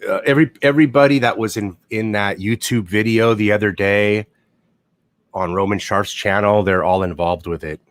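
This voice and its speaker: A man's voice: on the low side, steady tone, normal speed, no room sound. A man hosting a casual livestream, swearing freely and rambling as he talks through gossip. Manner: profane, rambling, blunt. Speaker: livestream host.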